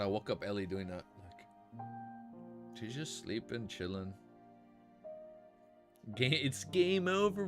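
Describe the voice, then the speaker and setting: Hoarse man reading a novel on stream. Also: medium pitch. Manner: animated, laughing, chatty asides between read passages. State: hoarse, losing his voice. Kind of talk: casual livestream chat and reading.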